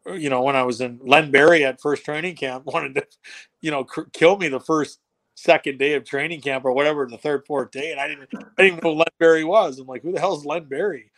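On a podcast, this guest spins a long, meandering story in a casual style, full of restarts and cursing, voicing other people's lines himself. He speaks briskly in a slightly high, somewhat bright voice.

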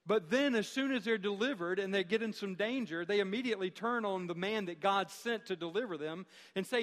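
A man preaching a sermon as pastor, speaking emphatically with dramatic pauses and rhetorical questions. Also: high voice, fairly bright tone, big-room sound.

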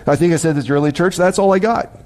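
A man preaching a sermon from the pulpit of a church. His voice is warm and mellow and sits a little high. He slows down and leans on key phrases as he retells scripture to his congregation. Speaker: pastor. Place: church sanctuary.

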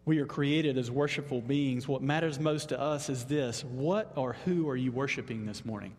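A man pastor preaching a Sunday sermon in an animated, emphatic way. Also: normal speed. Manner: animated, emphatic, leaps up in pitch on exclamations. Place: church sanctuary. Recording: long hall reverb.

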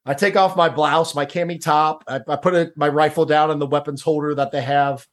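A middle-aged man with a slightly high voice tells a personal story in a relaxed, conversational way. He restarts his sentences and leans on "like" and "dude.". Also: brisk. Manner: casual, repeats words, says "dude" and "like". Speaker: podcast guest. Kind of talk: storytelling interview.

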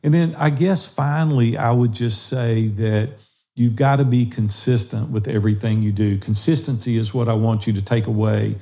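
A man's voice: mid-range voice, steady tone, normal speed, warm tone. A man co-hosting a podcast, earnestly urging listeners and speaking straight to them. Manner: earnest, exhorting listeners directly. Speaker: podcast co-host. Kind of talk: encouraging podcast talk.

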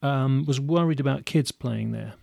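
A man's voice: mid-range voice, normal speed, gravelly, darkish tone, dry recording, studio quality. A man interviewing a guest, often stammering and restarting his sentences. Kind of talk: interview questions.

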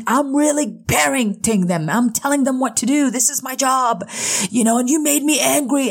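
A woman in her thirties hosting a parenting talk, earnest and emphatic, with lively swings between high and low. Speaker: parenting podcast host. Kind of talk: casual educational talk.

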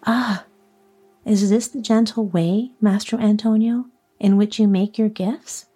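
A woman's voice: mid-range voice, fairly even intonation, mellow, slightly rough. A woman voicing a hot-tempered little old man. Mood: grumbling. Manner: quick to anger.

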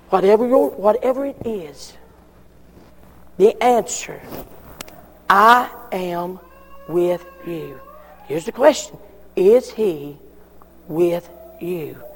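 A man preaching a sermon, emphatic, repeating his questions with long pauses. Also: sits high, lively intonation, in a large hall, slight background noise. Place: church.

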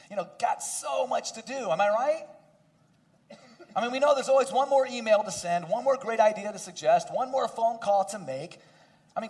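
A man preaching a sermon as pastor, talking to the congregation in a conversational way and dropping to hushed emphasis for key points. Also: high-pitched.

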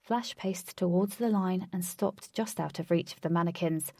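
A woman narrating an adventure story in a steady, clear storytelling voice. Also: lowish voice, moderate pace, dry recording, studio quality.

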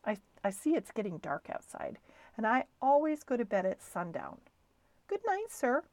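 A woman's voice: a little high, sing-song, moderate pace, no echo. A woman voicing a tiny, polite female songbird in a storybook reading. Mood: gentle. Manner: polite, gentle, proper.

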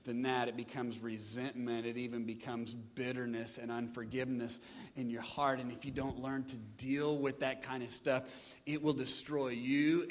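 A pastor preaching a sermon with lively delivery, acting out his listeners' excuses in changing voices. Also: mid-range voice, long reverb tail. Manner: animated preaching, mimics congregants' excuses.

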